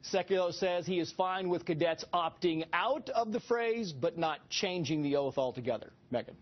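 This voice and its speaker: A man reads out a news report in a measured, formal way. His voice sits high for a man. The broadcast audio sounds dull and lo-fi. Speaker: news correspondent.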